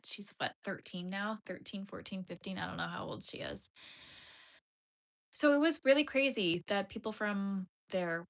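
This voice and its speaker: A woman's voice: medium pitch, normal speed. A young Canadian woman hosting a crochet livestream, chatting casually as she tells a long rambling story and acts out the people in it. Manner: rambling, animated retelling with quoted voices.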